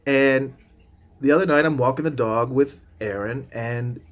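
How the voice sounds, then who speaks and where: A man is casually telling a long story to the camera and wandering off into side remarks as he goes. He talks at a middle pitch, loosely and conversationally, and his sentences often restart and trail off. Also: a little slow, lo-fi sound. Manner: casual, drops the odd swear word. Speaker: vlogger. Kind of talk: rambling anecdotal storytelling.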